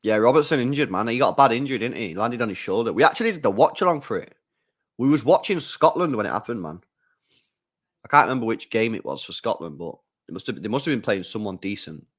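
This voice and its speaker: A casual, chatty man talks through a live football match for his stream. He is slangy and loose, reads messages from chat, and gets loud and excited when chances come. His pitch sits in an ordinary middle range for a man. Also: fast talker. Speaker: streamer hosting a live match watch-along. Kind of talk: live football watch-along commentary, reading chat.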